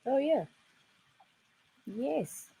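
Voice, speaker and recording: A woman's voice: high voice, expressive, extremely slow, gravelly, mellow, dry recording, rough recording. Woman co-host chiming in with short replies. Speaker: podcast co-host. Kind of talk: casual chat.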